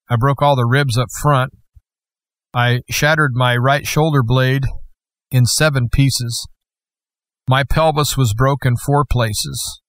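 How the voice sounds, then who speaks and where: A man telling a personal testimony in an earnest, deliberate storytelling manner. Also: medium pitch, fairly bright tone, no echo.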